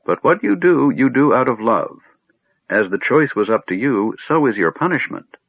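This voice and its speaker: A man's voice: medium pitch, animated, moderate pace, husky, dry recording, narrow, tinny audio, pitched above the performer's own voice. A man voicing a doddering, absent-minded old male wizard who mutters and rambles. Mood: fussy, rambling.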